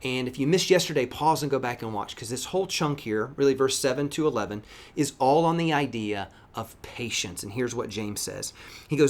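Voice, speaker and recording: A middle-aged pastor giving a devotional teaching, reading scripture and preaching in an emphatic, lively way. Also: male voice, medium pitch, a little fast.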